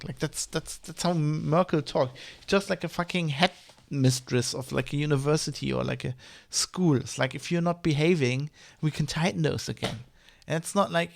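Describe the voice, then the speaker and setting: A man's voice: on the high side, creaky, no echo. A man with a mother tongue, ranting in a casual vlog, rambling and heated, with many restarts and swearing. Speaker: vlogger. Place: Germany.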